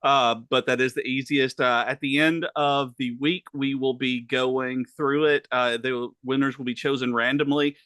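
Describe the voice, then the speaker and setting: A man with a Southern US accent, co-hosting a podcast and talking in a halting way full of uhs. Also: medium pitch, fairly even intonation, a bit bright, clean tone, no echo. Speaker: podcast co-host. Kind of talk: casual chat.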